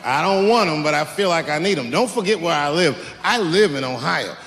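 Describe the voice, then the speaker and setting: A male stand-up comedian telling stories on a handheld mic, swinging into loud acted-out outbursts, live in a large arena with the audience laughing. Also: a little high, lively intonation, brisk, vocal fry, big-room sound. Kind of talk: stand-up routine. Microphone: handheld stage mic. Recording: live arena with roaring crowd.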